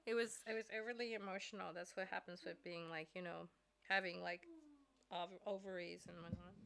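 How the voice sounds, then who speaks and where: A woman's voice: fairly low pitch, fairly even intonation, brisk, creaky, fairly bright tone. A middle-aged woman chatting casually and emotionally after a live set, laughing often. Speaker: musician guest.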